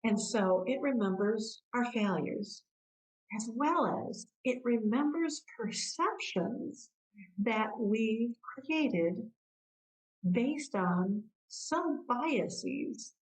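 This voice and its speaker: A woman's voice: a little high, animated, very slow, recorded from a distance, poor audio. A woman coach giving a motivational self-help talk, explaining patiently and posing rhetorical questions to the listener. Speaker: coach who works with clients.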